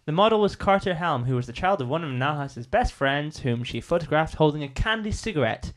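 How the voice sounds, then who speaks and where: A man's voice: fairly high pitch, lively intonation, brisk. Dry-witted man. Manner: dry, reads notes aloud, wry asides. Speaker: podcast co-host. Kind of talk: casual chat.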